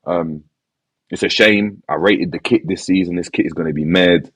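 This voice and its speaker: A man's voice: sits low, moderate pace, a bit bright, slightly rough, no room sound, poor audio. A man in a casual podcast chat, talking in a laid-back, resigned way with heavy slang and repeated phrases. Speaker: football fan panelist.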